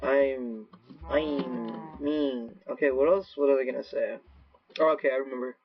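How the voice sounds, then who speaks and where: A man doing gaming commentary, rambling to himself with profane, erratic outbursts and sudden yelling. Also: medium pitch, fairly even intonation, unhurried. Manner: rambling self-talk. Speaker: gaming channel host. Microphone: laptop mic. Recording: dull lo-fi laptop mic.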